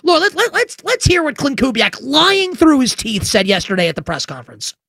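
A man hosts a sports talk radio show, his voice swinging widely in pitch as he rants with sarcasm and emphatic rhetorical questions. He is recorded close on a studio microphone in a dry, dead room. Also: huge pitch swings, brisk, vocal fry, pushed and bright, dry recording.

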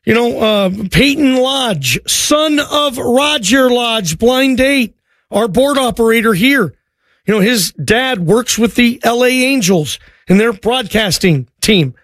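A man hosting a sports call-in radio show, chatting with callers and his board operator in quick, friendly banter. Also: extremely high pitch, lively intonation, fairly bright tone, no room sound.

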